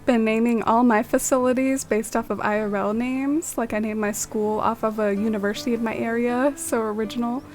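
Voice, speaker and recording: A woman's voice: a little high, fairly even intonation, fairly quick, few pauses, a little mellow, soft background music. A young woman streaming a game, chatting in a friendly way with viewers and musing aloud. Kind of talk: casual chat with viewers.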